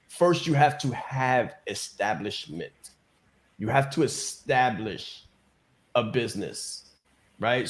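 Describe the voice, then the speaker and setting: A man giving an emphatic motivational business coaching talk on a call, repeating key phrases and often asking "right?". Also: medium pitch.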